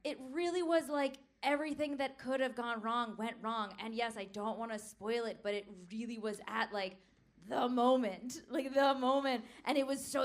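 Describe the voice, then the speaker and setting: A woman guest on a live comedy talk show, telling an animated story with frequent giggles. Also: a little high. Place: live theater stage.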